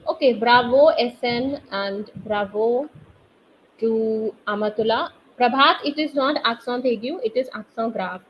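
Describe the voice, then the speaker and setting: A woman teaching a live online French class, explaining accents slowly and quizzing her students through the chat. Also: a little high. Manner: slow, patient, quizzes students via chat. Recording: slightly dull online class audio with faint noise.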